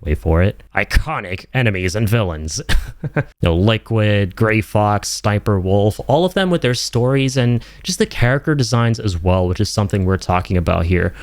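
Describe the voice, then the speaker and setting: A young man with a fairly low voice excitedly reviewing a video game, emphatic and loose with his slang. The sound is close and dry, with no room around it. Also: normal speed, dry recording.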